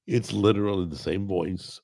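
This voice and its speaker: A middle-aged man hosting a cooking show, chatting casually at his desk microphone, with a gravelly, strained voice from a paralyzed vocal cord, rambling and self-deprecating. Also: low-pitched, moderate pace, darkish tone. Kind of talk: casual chat to camera. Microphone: desk microphone recorded over a video call.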